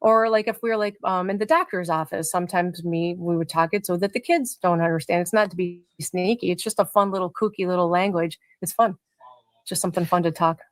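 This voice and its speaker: A woman's voice: lowish voice, steady tone, brisk, no echo. A middle-aged woman, a mother being interviewed on a casual livestream over a video call, rambling with many filler words. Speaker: mother of a teenager, interview guest.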